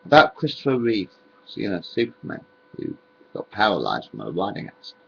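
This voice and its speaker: A man's voice: fairly low pitch, huge pitch swings, a little fast, gravelly, husky, muffled recording. A man, rambling on in a home video monologue, repeating himself and drifting between topics.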